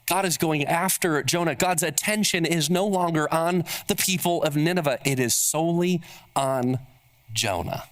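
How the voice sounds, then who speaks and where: A man's voice: a little high, normal speed. A man preaching a sermon as pastor, emphatic and building on repeated rhetorical questions.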